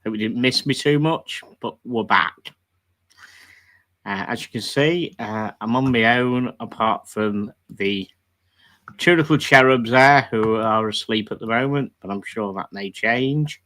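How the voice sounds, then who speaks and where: A man's voice: medium pitch, a little slow, fairly bright tone. A man hosting a live stream, chatting casually and greeting viewers from the chat by name. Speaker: livestream host.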